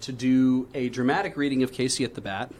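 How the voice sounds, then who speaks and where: A man's voice: medium pitch, steady tone, a little fast, a little mellow, slight background noise. A man hosting a charity stream, chatting casually in an easygoing way. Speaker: stream host. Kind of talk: casual chat.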